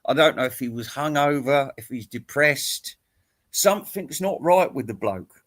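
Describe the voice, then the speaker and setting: With a medium-pitched, expressive voice that's fairly bright, a man talks at a moderate pace through a crude, teasing, mock-serious rant. He's a YouTube commentator taking rambling aim at other online commentators and laughing at his own jokes.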